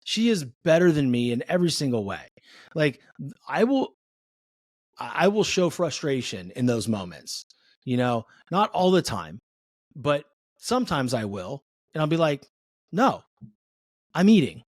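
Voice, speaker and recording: A man hosting a podcast in casual conversation, acting out family exchanges in an animated way. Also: mid-range voice, moderate pace, no echo, studio quality. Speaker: podcast host.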